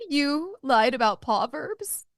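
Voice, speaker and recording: A woman's voice: high-pitched, animated, slow, no room sound, studio quality. A woman co-hosting a morning show, chiming in with teasing, sarcastic remarks. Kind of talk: casual chat.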